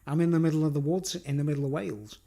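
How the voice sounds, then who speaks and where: A man's voice: on the high side, steady tone, racing, gravelly, mellow. A man with a Scouse accent rambling through a live-stream monologue, laughing often and repeatedly asking "you know what I mean?". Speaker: vlogger.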